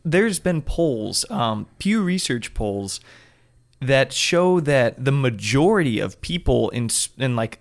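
A man hosting a podcast, asking curious follow-up questions in a relaxed interview. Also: medium pitch. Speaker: podcast host. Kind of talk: casual interview.

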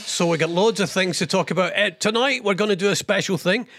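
A man's voice: high-pitched, fast talker, a bit bright, dry recording, studio quality, soft background music. A British man hosting a live radio show, chatty and rambling, with lots of fillers and self-mocking asides. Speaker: radio host. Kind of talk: casual live radio presenting.

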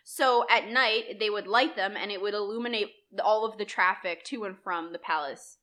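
Bright young woman chatting about history. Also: medium pitch, normal speed. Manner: lively, chatty, many likes and ums, laughs often. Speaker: podcast co-host presenting history. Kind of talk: casual conversational history chat.

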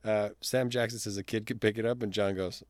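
A man's voice: lowish voice, fairly even intonation, a little fast, dry recording, clean studio sound. A man co-hosting a movie podcast, eagerly walking through scenes in casual chat. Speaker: podcast co-host.

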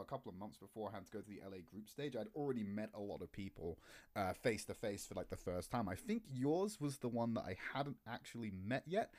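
A man chatting casually about esports, laughing easily and acting out remembered conversations. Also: darkish tone. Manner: chatty, laughs easily, acts out quotes with a higher voice. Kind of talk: casual podcast chat.

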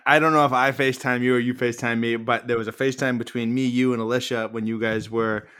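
A man co-hosting a podcast in casual chat, telling animated stories with frequent swearing. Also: medium pitch, fast, clear, resonant tone, dry recording, studio quality. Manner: animated storytelling, swears, mimics a kitten. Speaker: podcast co-host.

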